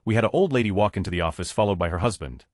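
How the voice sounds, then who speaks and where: A low-voiced man narrates Reddit stories at a fast clip. His pitch moves a lot as he reads, and the recording is dry and close. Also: animated, no echo. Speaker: story narrator. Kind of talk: reading Reddit stories aloud.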